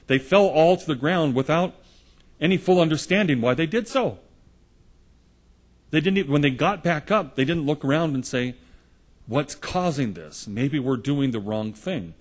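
Male preacher, husky timbre, earnest storytelling sermon delivery. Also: on the high side. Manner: earnest storytelling, retelling gospel scenes in the present tense.

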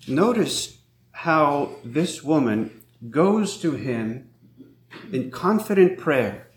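A man preaching a sermon as a priest, in a slow, measured way, reading scripture aloud. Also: fairly high pitch, very animated, reverberant.

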